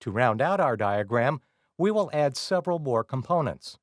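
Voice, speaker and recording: A man giving scripted, measured narration for a software tutorial. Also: mid-range voice, sing-song, dry recording, studio quality. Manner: measured, instructional.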